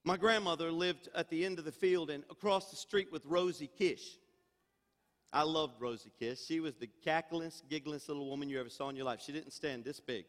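A man's voice: on the high side, brisk. An older man preaching a sermon as senior pastor, emphatic and calling out for amens. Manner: emphatic preaching, calls for amen. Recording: reverberant church hall.

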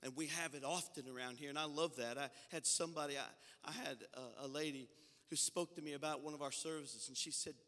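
A man's voice: on the high side, fairly even intonation, a little fast. A man, a senior pastor, preaching a Pentecostal sermon with impassioned fervor and a folksy, storytelling way of talking. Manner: impassioned preaching that swells into loud, fervent passages; folksy, conversational storytelling between climaxes. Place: church sanctuary. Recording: long hall reverb from a large sanctuary.

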